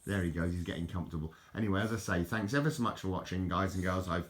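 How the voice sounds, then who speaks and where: A rambling older man with a southern English accent talks to camera in a low voice, chuckling and wandering from thought to thought. He repeats words and restarts sentences as he goes. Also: fast talker. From southern England. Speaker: vlogger. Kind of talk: rambling casual chat to camera.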